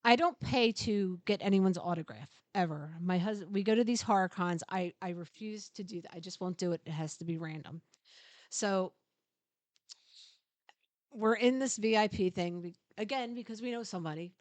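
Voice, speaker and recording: A middle-aged woman co-hosting a podcast, telling a long story in casual chat, animated, laughing often and swearing freely. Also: medium pitch, no room sound. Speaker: podcast co-host.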